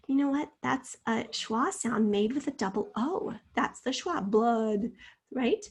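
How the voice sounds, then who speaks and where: A woman's voice: on the high side, animated, measured pace, breathy edge. A woman teacher giving a recorded spelling lesson, explaining each word patiently and step by step.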